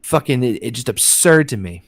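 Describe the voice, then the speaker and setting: Man, casual storyteller, curses freely and stumbles over his words, mid-pitched voice. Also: animated, normal speed. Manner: profane, rambling, self-interrupting.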